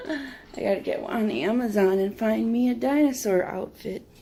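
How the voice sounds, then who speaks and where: A woman's voice: fairly high pitch, moderate pace, gravelly, mellow. A woman vlogging at home, chatting casually in a wry, meandering way full of asides. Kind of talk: casual rambling chat. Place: home, indoors.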